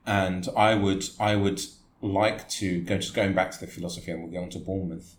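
A man's voice: low-pitched, fairly quick. A man co-hosting a football podcast in casual chat, joking and laughing as he riffs. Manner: laughing, animated when joking. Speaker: podcast co-host. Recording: echoey room with faint noise.

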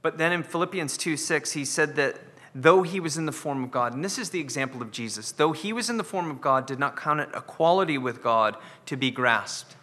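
A man's voice: a little high, a little fast, sharp tone, big-room sound. A man preaching an earnest sermon as pastor, often repeating words as he builds a point. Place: church sanctuary.

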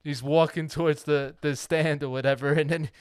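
Smooth-voiced man chatting about movies. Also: a little high, normal speed, dry recording, studio quality. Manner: animated, acts out quoted lines. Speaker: podcast co-host. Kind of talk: casual movie chat.

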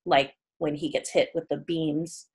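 A husky, fairly low-voiced middle-aged woman tells stories in an interview. She is animated and expressive, jumping high in pitch whenever she acts out what someone said. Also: measured pace. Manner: lively storyteller who jumps high to act out quoted people. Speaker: guest, puppeteer.

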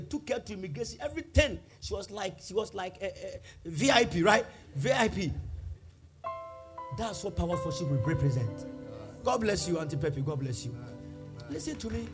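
A high-voiced man preaches as a pastor, driving his phrases up into shouted, repeated declarations. Music plays clearly underneath him throughout. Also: big pitch swings, a little fast. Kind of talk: sermon. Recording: music playing behind the voice.

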